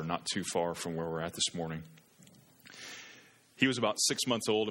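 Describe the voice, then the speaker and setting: A man's voice: deep voice, fairly bright tone. A man in his thirties preaching a sermon as a pastor, earnest and building to impassioned pleading. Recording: long reverb of a large hall.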